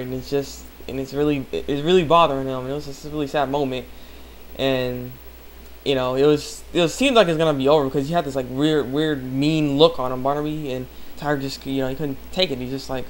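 A man's voice: mid-range voice, slight background noise. A young man casually recapping an anime episode in a rambling, eager way, laughing often. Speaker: anime reviewer.

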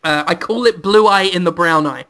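A man, a podcast co-host, telling an absurd comic story and giggling often. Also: normal speed. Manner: giggly, absurd deadpan pitch.

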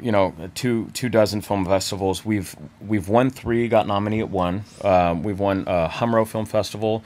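Low-voiced chatty filmmaker, man. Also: fairly even intonation, normal speed, a little mellow. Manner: chatty, full of stops and restarts. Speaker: filmmaker guest. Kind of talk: interview answers.

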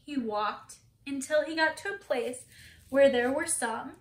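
A woman's voice: high voice, unhurried, roomy sound. A woman teacher reading a picture book aloud to children, asking them questions and gasping for effect.

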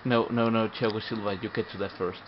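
A young man giving live, excitable gameplay commentary, often frustrated and swearing at the game. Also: fairly low pitch, fairly quick, crowd noise. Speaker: gamer. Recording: muffled recording with faint hum.

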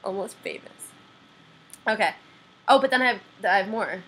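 A woman's voice: mid-range voice, lively intonation, moderate pace, a bit bright, husky, rough recording. A woman, chatting playfully and giggling in a casual vlog. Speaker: vlogger. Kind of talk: casual chat.

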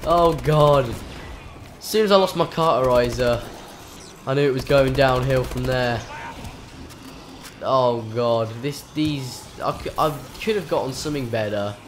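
A man's voice: mid-range voice, unhurried, pauses often, noisy background. A man commentating his own game live, swearing often, with frustrated outbursts and panicked yelps. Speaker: gaming channel host.

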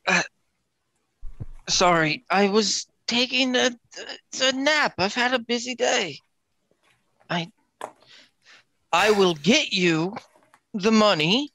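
A man voicing a groggy young debtor who talks fast and nervously, promising to pay back a loan in a tabletop game. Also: lively intonation, sharp tone, full character voice. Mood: nervous pleading. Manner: pleading, fast, pitched up and nervous. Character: groggy, smooth-talking young male debtor.

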